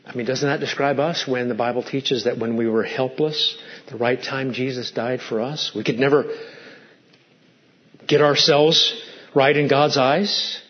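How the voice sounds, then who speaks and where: A man's voice: medium pitch, fairly even intonation, unhurried, lo-fi sound. A man preaching a sermon as pastor, emphatic and fond of stacked rhetorical questions.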